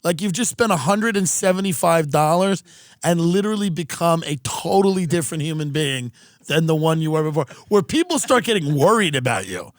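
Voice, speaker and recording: A man's voice: on the high side, no room sound, studio quality. A man hosting a podcast, telling a funny story with sardonic asides. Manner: sardonic, animated anecdote-telling with quick asides. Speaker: podcast host.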